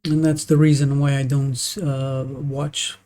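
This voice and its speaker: A native Portuguese speaker chats while gaming on a live stream, his mid-range voice level and dark in tone. He's opinionated yet halting, restarting his thoughts repeatedly.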